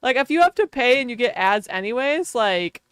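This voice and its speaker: A woman's voice: a little high, expressive, moderate pace, smooth, no room sound, clean studio sound. A woman with a Wisconsin accent chatting casually on a live game stream, laughing often and talking to her chat. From Wisconsin, US Midwest.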